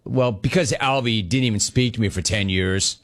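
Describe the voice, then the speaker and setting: Guy hosting sports talk, jokey and animated, goes off on tangents reading fan messages. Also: fairly low pitch, normal speed. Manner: animated, jokey, digressive storytelling. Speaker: sports talk show host.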